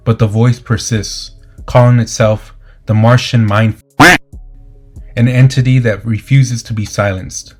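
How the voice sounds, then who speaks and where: A man narrating a comic book story recap in a steady, dramatic scripted delivery. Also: lowish voice, a little slow. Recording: faint music underneath.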